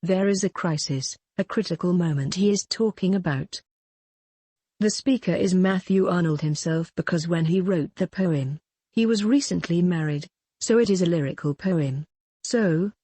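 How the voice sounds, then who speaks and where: Low, husky-voiced woman teaching poetry. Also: dark tone, dry recording. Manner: slow, deliberate scansion of verse. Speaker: literature teacher. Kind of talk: poetry lesson.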